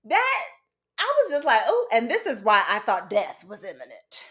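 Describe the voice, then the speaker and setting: A woman with a fairly high voice recounts a personal story. Her pitch swoops and jumps as she talks, and she speaks with candid, casual frankness, swearing now and then. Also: wildly swooping pitch, moderate pace, a bit bright. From United States. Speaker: podcast host.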